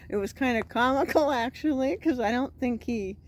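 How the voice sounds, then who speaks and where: A woman's voice: fairly high pitch, normal speed, hardly any pauses, a little mellow, a little hiss or hum. A woman vlogger casually retelling a scary night, acting out the voices she quotes. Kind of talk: casual storytelling.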